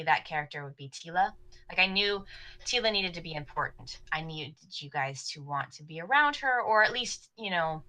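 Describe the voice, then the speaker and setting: A woman with a somewhat low but bright, sharp-edged voice. She co-hosts a casual podcast and explains her game-mastering choices in an earnest, chatty way, full of fillers. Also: low-quality recording.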